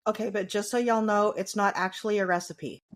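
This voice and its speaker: A woman podcast co-host in casual chat over a video call, with quick reactions and teasing asides. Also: mid-range voice, fairly even intonation.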